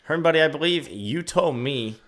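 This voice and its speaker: A man co-hosting a podcast in casual banter, joking with a deadpan sense of wordplay. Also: a little high, moderate pace. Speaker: podcast co-host.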